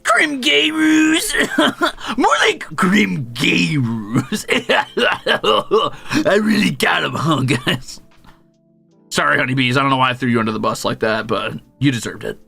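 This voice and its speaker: Lively, gravelly young man streaming. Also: measured pace, faint music behind. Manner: animated storyteller, jumps into high squeaky voices when quoting; swears casually, jokey. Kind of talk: casual chat while gaming.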